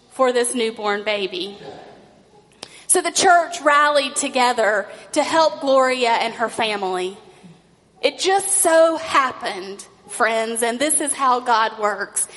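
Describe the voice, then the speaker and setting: A woman pastor delivers a sermon in a high, clear register. She tells stories in an unhurried cadence, letting the ends of her phrases trail off. Her voice rings with long reverb, as if filling a sanctuary. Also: fairly bright tone. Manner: slow, storytelling cadence with drawn-out phrase endings.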